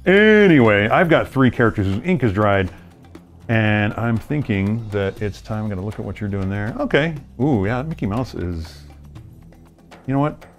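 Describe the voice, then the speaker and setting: A man's voice: fairly low pitch, expressive, normal speed, soft background music. A man who co-designed a card game, explaining its rules as he plays and teasing his opponent in a playful way.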